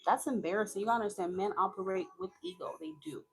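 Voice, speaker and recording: A talkative woman gives a casual tarot reading in a frank, easygoing way. Her voice sits at an average pitch for a woman. A faint hiss of noise runs under the recording. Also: lively intonation, fast talker. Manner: talkative, frank, laughs often. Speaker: tarot reader.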